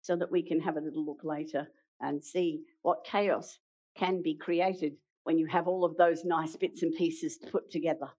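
A woman preaching a sermon, retelling a story with dramatic pauses and acted-out quotes. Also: low voice, fairly even intonation, dark tone. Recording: dull lo-fi sound.

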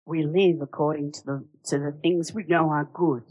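A woman's voice: deep voice, steady tone, moderate pace, a little mellow, slightly rough, no echo, low-quality recording. A woman preaches a sermon. She talks conversationally and with animation, asking rhetorical questions, and the recording is close and dry.

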